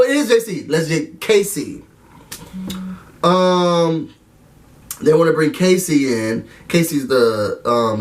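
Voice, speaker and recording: A man giving a casual, animated recap and review of a TV episode, talking straight to his viewers. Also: a little high, distant mic. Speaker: TV recap vlogger.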